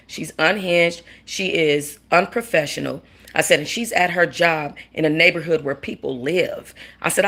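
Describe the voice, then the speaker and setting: A woman with a low, gravelly voice tells a story in a casual, animated rant. She acts out what each person said and swears freely. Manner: animated, swearing, quotes people. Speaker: vlogger.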